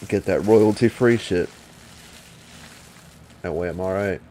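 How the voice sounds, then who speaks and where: A man livestreaming from home chats casually with his viewers, rambling, swearing, and talking back to them. His voice is low and warm, and he speaks slowly. There is a little background noise.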